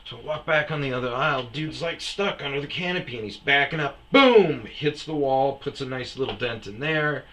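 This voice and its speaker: Man, host type, tired, rambling casual storyteller with a bright, forceful voice, faint background hum. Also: mid-range voice, brisk, hardly any pauses, poor audio. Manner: rambling and chuckling, acts out his friends' lines.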